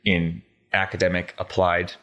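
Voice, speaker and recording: A man in his thirties, a conservation scientist, casually telling an animated, rambling story in an interview and filling it with many filler words. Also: low-pitched, a little slow.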